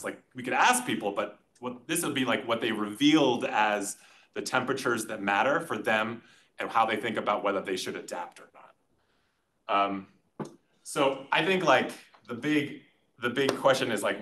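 A man of middle pitch serving as discussant at an academic conference session. He talks in a loose, rambling way, scattering fillers and poking fun at himself as he goes. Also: moderate pace, a bit bright. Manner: rambling, filler-heavy, self-deprecating. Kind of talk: casual academic commentary.

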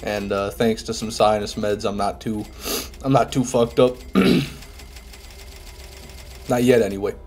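A man's voice: on the low side, flat delivery, measured pace, long pauses, a little mellow, soft background music. A young man streaming a game live, chatting casually with viewers, reading chat aloud and swearing now and then, while sick with a head cold. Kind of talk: casual live gameplay commentary.

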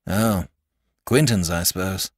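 Narrator voicing a jolly skeptic doctor, blunt and hearty, loud. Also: male voice, on the low side, very animated, moderate pace, no room sound, clean studio sound. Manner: hearty and dismissive.

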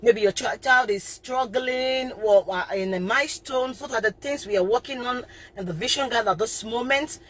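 A woman's voice: a little high, moderate pace, a bit bright, slight background noise. A middle-aged woman giving an impassioned live talk as a parenting coach, stressing her points and often repeating and restarting phrases. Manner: emphatic, impassioned preaching.

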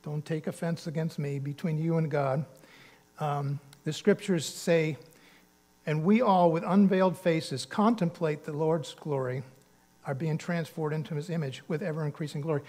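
A man's voice: on the high side, steady tone, normal speed, darkish tone. A man preaching a sermon as pastor, speaking earnestly and conversationally, with emphatic bursts on key words. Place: church sanctuary.

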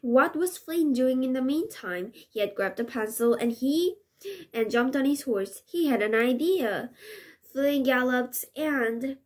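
A woman's voice: high-pitched, darkish tone. A woman, a native Korean speaker, reading a children's storybook aloud in English with careful restarts. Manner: careful, slow, occasional restarts. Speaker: reader.

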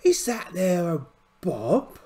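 A man voicing an excitable dolphin trainer, gushing and repeating himself. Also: sits high, takes it slowly, pitched above the performer's own voice, exaggerated voice. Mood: excited.

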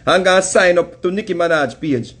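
A Jamaican man rants in a heated, mocking commentary with a very high-pitched voice. He breaks into laughter often and talks in casual patois. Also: brisk, a bit bright, breathy edge. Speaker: commentary host.

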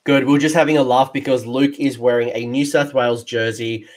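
A man with an Australian accent hosting a casual interview, joking and excitable, quick to banter. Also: mid-range voice. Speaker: podcast host and game coach. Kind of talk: casual video-call interview.

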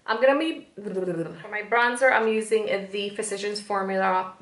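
Gravelly-voiced woman vlogger with Spanish accent. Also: mid-range voice, normal speed, echoey room. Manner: chatty, step-by-step instructions. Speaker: beauty vlogger. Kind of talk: makeup tutorial voice-over.

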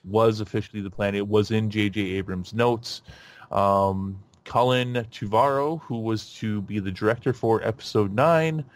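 Podcast guy rambling, lots of ums, kinda low voice, dry close sound. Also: normal speed, dry recording. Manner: rambling, animated, many fillers and restarts. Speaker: podcast host. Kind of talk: casual chat.

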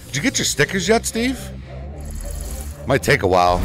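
A man chatting casually with viewers while he streams a racing game, excitable and prone to sudden shouts into his desk microphone. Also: medium pitch, slow, long pauses, over music. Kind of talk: casual live-stream chat.

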